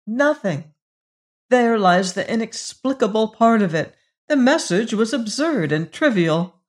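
An agitated young gentleman, voiced by an audiobook reader, talking urgently and with distress. His voice runs high and raised, pressing his story forward. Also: animated, measured pace, natural voice.

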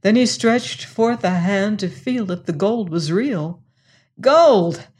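A woman narrating an audiobook in a measured, deliberate storytelling manner. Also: mid-range voice, a little mellow, slightly rough. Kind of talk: scripted narration.

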